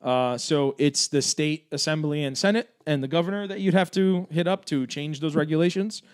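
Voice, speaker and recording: A man hosts a casual livestream, answering viewer comments one after another. His voice sits a little high for a man. He talks with energy and likes to argue, packing his points with fillers and quick asides. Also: smooth. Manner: energetic, argumentative, fast-talking with fillers. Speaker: livestream host for a gun rights group.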